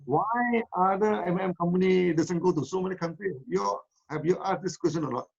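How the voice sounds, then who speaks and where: This company founder has a high, creaky, husky voice, and the recording loses its upper frequencies. Speaking briskly in a Malaysian English accent, he answers questions in a live online session, rambling and repeating words, with frequent "uh" fillers and "no?" tags.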